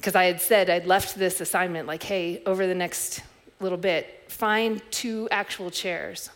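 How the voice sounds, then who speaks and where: A middle-aged woman preaching a sermon as a pastor, telling stories in a reflective way with soft restarts. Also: lowish voice, fairly even intonation, a little slow.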